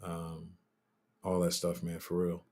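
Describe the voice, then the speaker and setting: A man's voice: deep voice, monotone, slow pace, warm tone. A man hosting a casual live crypto Q&A, answering chat in a loose, candid way and trailing off while he looks things up. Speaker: crypto livestream host.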